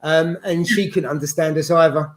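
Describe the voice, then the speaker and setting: A man with a high voice hosts a casual stream. He keeps his questions short and prompts the others to talk. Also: normal speed, slight background noise. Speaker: livestream host. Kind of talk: casual interview chat.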